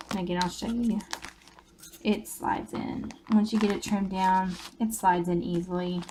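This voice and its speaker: A woman's voice: lowish voice, noisy background. A woman, chatting casually as she shows a crafting project in her own video. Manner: chatty, folksy, with fillers and small laughs.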